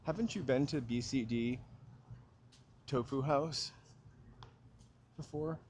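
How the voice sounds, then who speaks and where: A man's voice: medium pitch, slow pace, a little mellow, a little hiss or hum. Chatty man on a street walk. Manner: rambling, chatty and joking. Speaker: walking livestream host. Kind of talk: casual chat while walking. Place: outdoors on a city street. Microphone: small mic clipped to hat brim.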